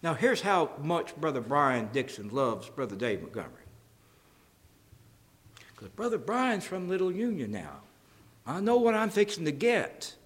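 A man's voice: a little high, very animated, a little slow, long pauses, long reverb tail. A man preaching a sermon as pastor, folksy and jokey, acting out conversations as he goes.

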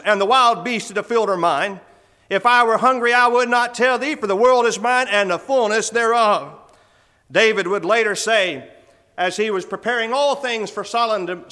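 A man's voice: high voice, sharp tone. A man preaching a sermon to his congregation, reading scripture in old English and building to earnest, fervent emphasis.

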